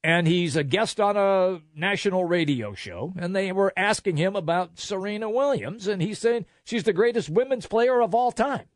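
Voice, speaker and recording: An older man co-hosts a casual talk show, ranting with an exasperated edge and plenty of stumbles and restarts. His voice sits high and swings widely in pitch, recorded dry and close. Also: lively intonation, normal speed, hardly any pauses, dry recording. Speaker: co-host.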